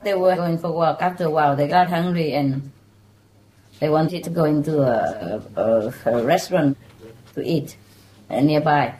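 A woman's voice: low-pitched, dark tone, a little hiss or hum, poor audio. A woman telling jokes in casual chat, laughing through her own punchlines and stumbling over her words as she goes. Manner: loose, halting delivery with restarts. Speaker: joke teller among friends.

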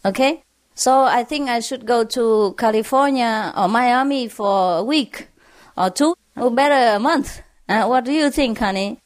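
A woman's voice: a little high, a little slow, natural voice. A woman voicing a wife who questions and coaxes her husband. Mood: questioning. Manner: incredulous, coaxing.

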